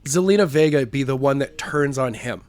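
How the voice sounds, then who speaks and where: A man co-hosting a podcast in casual chat, laid-back and quick to chime in with short agreements. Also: mid-range voice, darkish tone. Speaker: podcast co-host.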